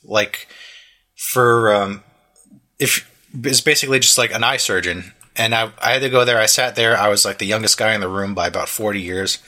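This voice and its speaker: A man in his thirties chats casually with a bright, forward tone. He rambles through a story, full of "like" and restarts, slipping into quick impressions of the people he met. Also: on the low side. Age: 30s. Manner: rambling storyteller, many fillers and restarts, acts out quotes. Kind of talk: casual chat.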